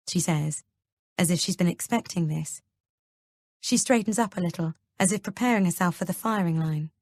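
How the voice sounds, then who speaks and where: Calm, steady woman narrator for a first-person audiobook; low-pitched, dry studio read. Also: a little fast, dry recording.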